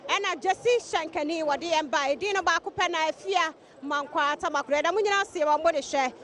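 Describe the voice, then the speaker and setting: A Ghanaian woman reporting from a busy outdoor station, interviewing passers-by and reading sponsor plugs and phone numbers in a brisk manner. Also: very high voice, fairly bright tone. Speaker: street reporter and host. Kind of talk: vox-pop street interviews and sponsor announcements.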